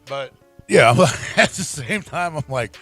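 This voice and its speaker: A man with a slightly high voice, swearing freely and laughing through a rambling road-rage story. His voice is dry and close to the mic, with faint music underneath. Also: normal speed, husky, no echo. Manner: profane, laughing, animated storytelling. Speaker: podcast host. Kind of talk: casual storytelling chat.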